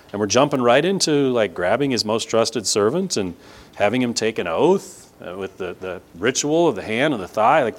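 A man leading a relaxed scripture lesson, his voice sitting in a middle pitch. He keeps it conversational, often checking in with the listener and leaning hard on key words. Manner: conversational, checks in with "right?" and leans on emphasis. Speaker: Bible teacher. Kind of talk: casual scripture lesson with a map.

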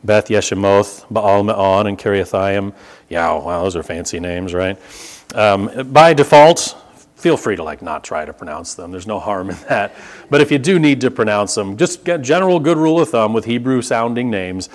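A man's voice: lowish voice, animated, normal speed. A man from the United States preaching a conversational Bible sermon, explaining with casual asides and rising emphasis. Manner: conversational teaching with asides and humor. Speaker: pastor.

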